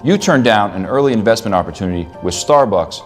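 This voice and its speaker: A man runs a comedy interview, firing off teasing questions in a deadpan way. His pitch swings widely, and faint music plays under him. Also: fast talker.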